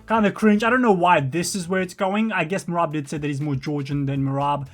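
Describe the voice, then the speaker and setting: A man's voice: a little high, fairly even intonation, fairly quick, hardly any pauses, faint music behind. A man giving a rambling, casual reaction commentary. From Australia. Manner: rambling, chatty. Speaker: reaction video host.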